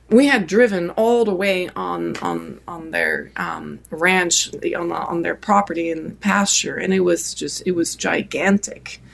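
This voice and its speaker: A middle-aged woman with a French accent, speaking as an interview guest. Her voice is gravelly and mid-pitched. She tells her story in a lively, rambling way, restarting sentences often. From France. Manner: animated, many restarts and fillers. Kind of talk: casual storytelling.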